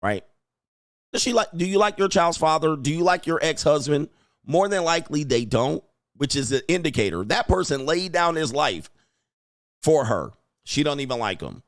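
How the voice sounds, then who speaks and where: A man's voice: a little high, very animated, moderate pace, no room sound, studio quality. A man hosting a livestream commentary show, talking bluntly and emphatically and repeating his points for weight. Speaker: host.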